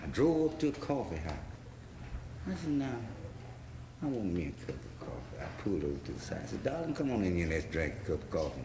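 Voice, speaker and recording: A man's voice: low-pitched, sing-song, fast, roomy sound, background noise. A man telling a rambling story in a loose drawl, talking blues over guitar. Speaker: blues singer. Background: electric guitar playing.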